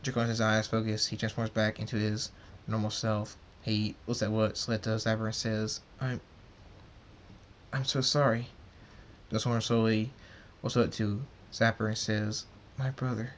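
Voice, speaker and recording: A man's voice: on the low side, completely flat delivery, moderate pace, slight background noise. A man reading his pony fan story aloud as narrator, in a plain way with some stumbles over words.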